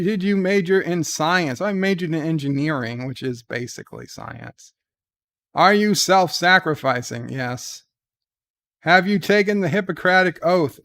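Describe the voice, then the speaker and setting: A man hosting his show in casual chat, reading quiz questions aloud and answering with dry, deadpan humor. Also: dry recording. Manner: reads questions brightly, answers low and mumbled. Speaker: show host. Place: at home.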